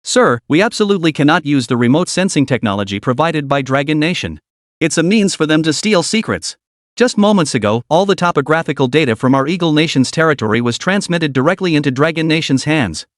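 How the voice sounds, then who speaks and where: A man's voice: a little high, expressive, a little fast, dry recording, studio quality, close to an everyday voice. A man voicing an anxious male research chief who urgently warns his superior. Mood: alarmed. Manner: urgent, warning.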